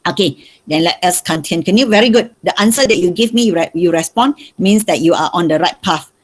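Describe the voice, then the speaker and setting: A woman's voice: on the low side, lively intonation, a little fast, husky, rough recording. A woman maths teacher with a Malaysian accent, giving an online revision lesson and repeating her questions to coax answers from students. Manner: coaxing, asks questions over and over.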